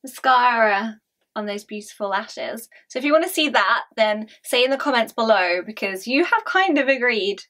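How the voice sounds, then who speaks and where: A woman's voice: on the high side, animated, moderate pace, fairly bright tone. A young woman hosting a casual couple vlog, chatty and teasing, laughing often. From England. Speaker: YouTuber host.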